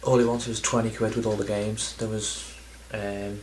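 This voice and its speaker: A man's voice: fairly low pitch, little pitch movement, normal speed, a little mellow, a little hiss or hum, poor audio. Rambling man vlogging casually. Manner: rambling, self-deprecating, lots of ums and restarts. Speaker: video game collector vlogger. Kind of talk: casual chatty vlog.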